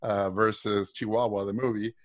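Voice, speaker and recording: A man's voice: fairly low pitch, little pitch movement, moderate pace. A middle-aged man, a guest on a live video call, telling stories animatedly, acting out quoted voices and swearing freely. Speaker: guest speaker. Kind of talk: casual storytelling on a live video talk.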